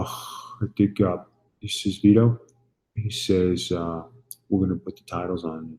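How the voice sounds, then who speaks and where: A man's voice: deep voice, warm tone, low-quality recording. A middle-aged man and former wrestler, a guest telling stories and acting out the dialogue. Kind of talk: storytelling interview.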